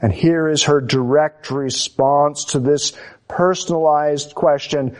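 A male preacher delivering a sermon at an unhurried, deliberate pace. His voice sits somewhat high for a man, and he leans on emphatic phrasing and repeated rhetorical questions. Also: fairly even intonation, a little mellow.

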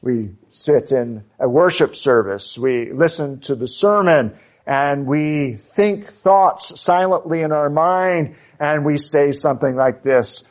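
A man preaching a sermon in an earnest, emphatic way, with dramatic pauses, drawn-out key words and the odd filler or restart. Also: fairly high pitch.

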